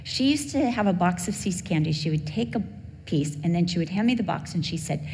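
A woman's voice: fairly low pitch, animated, brisk, darkish tone. A middle-aged woman preacher telling a heartfelt personal story in a sermon. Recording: long hall reverb, faint background hum.

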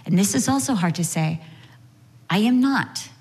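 A woman giving an earnest, storytelling talk on marriage, with touches of gentle humor, in sermon style. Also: medium pitch, lively intonation, moderate pace, long reverb tail. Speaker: speaker at a marriage session. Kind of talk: sermon-style teaching with anecdotes.

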